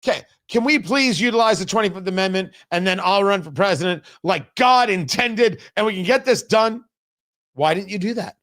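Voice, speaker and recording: A man's voice: high voice, animated, normal speed, fairly bright tone. A middle-aged man hosting a political commentary livestream, firing off sarcastic, heated rhetorical questions. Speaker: talk show host.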